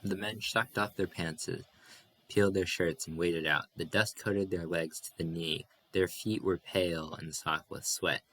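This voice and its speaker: Brief: a deep-voiced male reader, calm and even through the narration. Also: unhurried. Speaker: audiobook reader. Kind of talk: reading a novel aloud.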